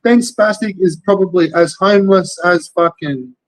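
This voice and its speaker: A man's voice: sits high, normal speed, no room sound, poor audio. An Australian man, a young adult, ranting in casual commentary, swearing constantly and rambling through rhetorical questions. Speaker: commentary streamer.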